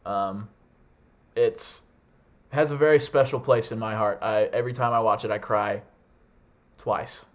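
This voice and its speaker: A man's voice: lowish voice, fairly even intonation, measured pace, pauses often. A young man hosting a casual podcast chat, eager and enthusiastic, calling on each guest in turn. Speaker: podcast host.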